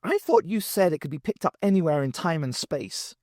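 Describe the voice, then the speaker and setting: A male audiobook reader voices a spirited young woman with a wry, teasing edge, plucky and quick to needle. Her quizzical questions come in a raised voice, lifting high and swinging lively. The reading is close and dry, with no room sound at all.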